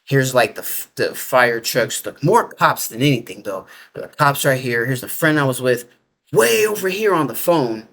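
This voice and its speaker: A man's voice: medium pitch, lively intonation, moderate pace, a bit bright. A man casually telling a personal story in loose, rambling talk, full of fillers, restarts and everyday slang grammar. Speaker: interviewee telling a near-death experience.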